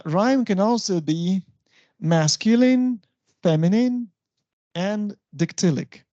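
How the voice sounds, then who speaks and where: Slow, patient lecturer. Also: medium pitch, a little mellow, no echo, muffled recording. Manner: patient, explains step by step, checks understanding. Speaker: university lecturer. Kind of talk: English stylistics lecture.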